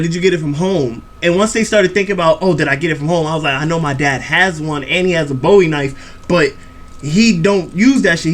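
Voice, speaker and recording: A young man telling a profane, animated story on a reaction video channel. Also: sits high. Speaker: YouTube reaction host. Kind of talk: storytelling vlog chat.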